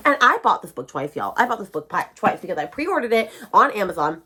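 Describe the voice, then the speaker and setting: Animated woman book vlogger. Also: medium pitch, brisk, hardly any pauses, slight background noise. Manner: animated, ranting, quotes characters in voices. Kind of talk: casual reading vlog.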